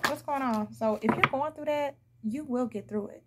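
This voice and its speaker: A woman's voice: a little high, a little fast, hardly any pauses, noisy background. A woman giving a casual, blunt tarot reading, chatting to viewers and laughing often. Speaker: tarot reader.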